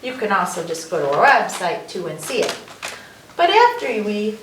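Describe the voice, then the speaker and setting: A woman hosting a library story time, reading a picture book aloud to children in an animated way and asking them questions. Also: medium pitch, moderate pace. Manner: animated, questioning the young listeners. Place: library room. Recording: echoey room, distant mic, faint noise.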